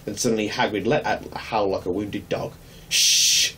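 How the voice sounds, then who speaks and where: A man reading a children's novel aloud in a measured, gentle storytelling manner. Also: lowish voice, fairly even intonation. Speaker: narrator. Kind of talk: audiobook reading. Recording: distant mic, faint hum.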